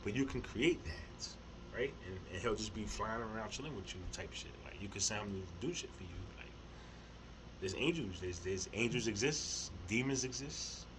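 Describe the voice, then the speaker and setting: A man's voice: fairly low pitch, lively intonation, normal speed. Middle-aged man, casual spiritual talk to camera, slangy and profane, stumbling repeats, faint background hiss. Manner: rambling, repeats words, heavy slang and swearing; earnest, laughs softly between thoughts. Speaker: spiritual vlogger.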